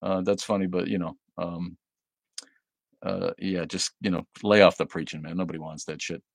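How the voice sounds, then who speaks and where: A man's voice: sits low, little pitch movement, normal speed, gravelly, no echo, studio quality. A man hosting a casual livestream, reading viewer comments aloud and answering them bluntly and sardonically, with frequent fillers and laughs. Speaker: livestream host.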